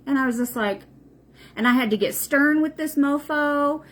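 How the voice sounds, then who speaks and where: A spiritual livestream host speaks in a high-pitched voice at a moderate pace. Her talk is casual and unscripted, blunt in tone, full of profanity and emphatic repetition.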